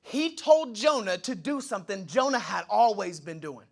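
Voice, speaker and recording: A male pastor delivers a sermon from a church stage, his voice high and full of swooping pitch. He talks to the crowd casually, breaks into asides and acts out little dialogues in shifting voices. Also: sing-song, moderate pace, gravelly. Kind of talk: energetic sermon.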